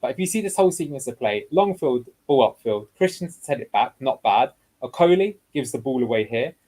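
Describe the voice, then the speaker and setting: A husky-voiced man talks through match footage as a guest analyst. He explains each passage of play step by step, in a mid-range voice, for a tactical video breakdown. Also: mid-range voice, animated, a little fast, a little mellow, rough recording.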